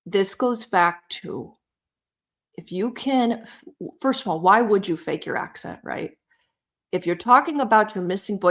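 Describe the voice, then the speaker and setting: A woman's voice: mid-range voice, a little slow. Chatty woman hosting a true-crime stream. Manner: animated, opinionated, talks to live chat. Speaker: livestream true-crime commentator. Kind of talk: casual live-stream commentary.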